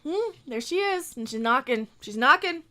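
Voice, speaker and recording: A woman's voice: high-pitched, expressive, normal speed, sharp tone. A woman streamer ranting sarcastically through a live reaction stream, talking back at the video and sometimes tripping over her words.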